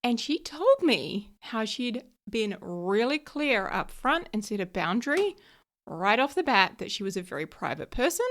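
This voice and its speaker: A woman's voice: on the high side, very animated, unhurried, fairly bright tone. A middle-aged woman hosting her own podcast, chatting casually and telling stories with lots of "like" and frequent laughs. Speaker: podcast host. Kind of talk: casual solo podcast chat.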